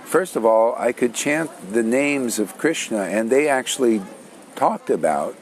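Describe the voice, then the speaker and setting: A man's voice: mid-range voice, expressive, a little slow, a little hiss or hum. An older man, telling his spiritual story in a rambling, casual way with many restarts. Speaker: spiritual teacher.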